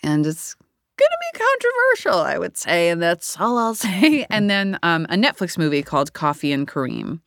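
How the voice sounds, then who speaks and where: A woman's voice: fairly low pitch, expressive, moderate pace, gravelly, few pauses, a bit bright, no room sound, clean studio sound. A woman in her thirties, an actor guest chatting candidly in a rambling interview, laughing often. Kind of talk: casual interview chat.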